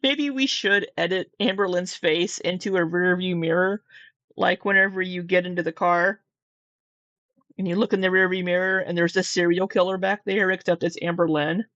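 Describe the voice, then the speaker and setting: A woman's voice: fairly low pitch, steady tone, normal speed, fairly bright tone, dry recording. Woman, co-host, gossipy storyteller, casual commentary, muffled lo-fi, dry. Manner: gossipy storyteller, acts out quoted lines.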